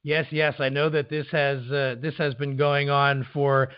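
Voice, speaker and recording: Steady, flat-voiced man attorney. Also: fairly high pitch, a little slow, clean tone, lo-fi sound. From Pennsylvania. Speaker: attorney guest. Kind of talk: casual interview.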